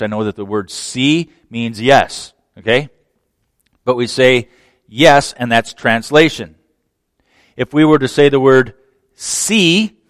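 A man preaching a sermon, telling a story with folksy asides, dropping to a near whisper and then rising to excited shouts. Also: fairly high pitch, no echo. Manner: lively storytelling, swings from hushed to shouting; laughs between phrases, folksy asides. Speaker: pastor.

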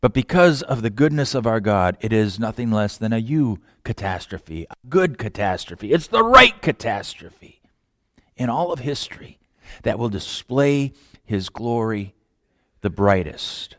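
Man preaching, slow deliberate delivery, dramatic pauses, loud-then-hushed swings, dry close sound. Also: fairly low pitch, sing-song, dry recording. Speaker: pastor. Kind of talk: sermon.

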